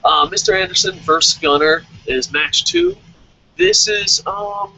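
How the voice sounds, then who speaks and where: A man's voice: sits high, big pitch swings, a little slow, vocal fry, sharp tone, dry recording, low-quality recording. A young man reviewing a wrestling show in a heated, profane rant. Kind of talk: angry rant in casual chat.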